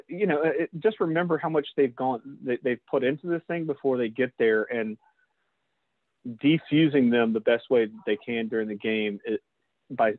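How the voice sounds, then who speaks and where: A man, a lacrosse official, leads a casual training talk and speaks straight to the group. The sound is tinny and phone-like. It is also close and dry, with no room echo. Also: medium pitch. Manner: talks straight to the group, calls them guys.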